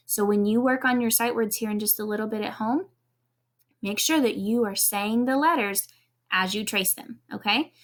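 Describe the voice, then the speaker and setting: A woman teaching kindergarten in a video lesson, encouraging and clear, spelling out letters one at a time for young children. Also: mid-range voice.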